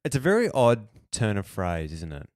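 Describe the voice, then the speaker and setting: A man's voice: lowish voice, huge pitch swings, normal speed, a little mellow, no echo. A man co-hosting a podcast, making dry, wry remarks and reading out listener questions. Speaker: podcast co-host. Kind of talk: casual chat.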